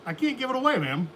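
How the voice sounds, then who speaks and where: Folksy high-voiced man chatting on a livestream. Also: bright, forceful tone, a little hiss or hum. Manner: folksy, rambling, laughs often. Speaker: beekeeping channel host. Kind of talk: casual livestream chat.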